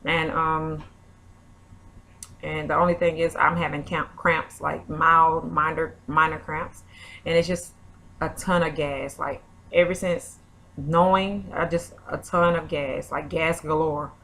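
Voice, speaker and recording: A woman's voice: deep voice, steady tone, takes it slowly, fairly bright tone. A young woman, vlogging in a chatty, rambling way full of fillers. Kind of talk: casual chat.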